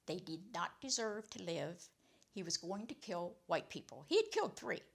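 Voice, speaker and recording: A woman who used to be a teacher, telling a personal story in an animated way, her loudness swinging widely. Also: on the low side, moderate pace, creaky. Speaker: former teacher.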